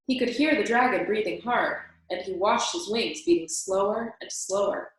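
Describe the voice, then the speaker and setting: A woman's voice: medium pitch, moderate pace. Woman reading a storybook in an echoey room. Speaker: children's story reader. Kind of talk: storybook read-aloud narration.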